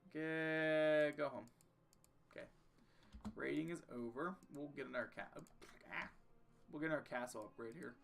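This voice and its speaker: A young streamer chats casually as he plays a strategy game, joking and talking both to himself and to the game. His medium-pitched voice is creaky with a sharp tone.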